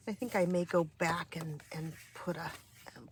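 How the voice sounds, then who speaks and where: A middle-aged woman talks in a soft, half-whispered way, her voice weak and craggy with plenty of gravelly fry. She wanders through her thoughts with fillers and restarts, pitched a little low. Faint noise sits under the recording. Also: moderate pace. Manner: relaxed and meandering, with many fillers and restarts. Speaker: craft vlogger. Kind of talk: casual chat during a journal flip-through. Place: home craft space.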